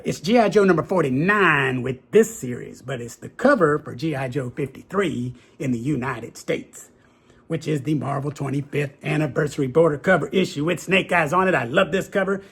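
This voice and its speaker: A middle-aged man chats casually and eagerly as he unboxes his graded collection, repeating his favorite phrases. His voice sits a bit high, with a gravelly, husky edge. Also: normal speed. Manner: enthusiastic and folksy, repeats "very cool" and "that's right". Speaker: comic book collector and video host.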